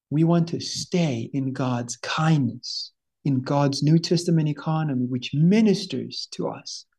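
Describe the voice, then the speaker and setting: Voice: medium pitch, mellow. A Bible study teacher giving an earnest, fervent teaching, often stopping to exclaim and repeating words as the thought forms.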